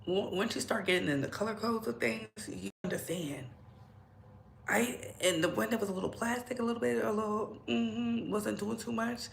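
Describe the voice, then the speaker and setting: A woman's voice: on the high side, normal speed, gravelly, roomy sound, slight background noise. A young adult woman hosting casual celebrity gossip commentary, repeating herself and dropping into whispers. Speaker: gossip show host.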